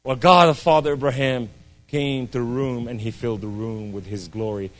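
A man giving an impassioned testimony sermon, swinging between loud cries and hushed, low speech. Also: steady tone, moderate pace, faint music behind.

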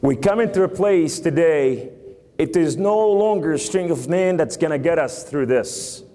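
Emphatic male preacher, New York accent, fairly high and very animated voice. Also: moderate pace, in a large hall. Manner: emphatic, preaching with scripture quotes. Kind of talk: sermon.

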